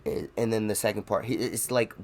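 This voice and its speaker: A man with a low, gravelly voice rambles through a casual podcast conversation. He laughs often and swears without a second thought. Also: a little fast. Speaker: podcast co-host. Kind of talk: casual chat.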